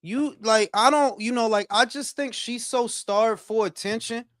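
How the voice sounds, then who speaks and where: A man's voice: very high voice, a little slow, a bit bright, no echo, studio quality. A man from Detroit with a Detroit accent, hosting a boxing talk stream and ranting in a blunt, profane, heated way. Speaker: boxing talk show host. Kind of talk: casual livestream commentary.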